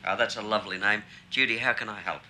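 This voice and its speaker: An actor playing a late-night radio talk host, who speaks to a caller in a soothing, upbeat, coaxing way. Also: male voice, on the low side, fairly even intonation, quick pace, pushed and bright, slight background noise, low-quality recording. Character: cheerful radio host, earnest and reassuring. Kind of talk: film drama acting.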